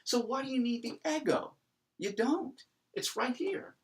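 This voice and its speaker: A man lecturing on Greek grammar, animated and emphatic, with many fillers. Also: very high-pitched, a little slow, slightly rough. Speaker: Greek teacher. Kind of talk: classroom lecture.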